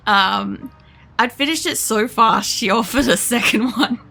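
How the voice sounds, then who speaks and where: A woman's voice: on the high side, unhurried, creaky, pushed and bright. A young Australian woman streaming a game, rambling through a casual story with lots of fillers and the odd swear word. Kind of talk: casual gaming commentary.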